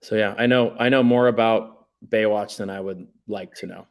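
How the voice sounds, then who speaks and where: A man's voice: lowish voice, fairly even intonation, moderate pace. A man chatting casually on a podcast as a guest, telling stories in a laid-back, rambling way with lots of fillers. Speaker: guest, documentary writer and director.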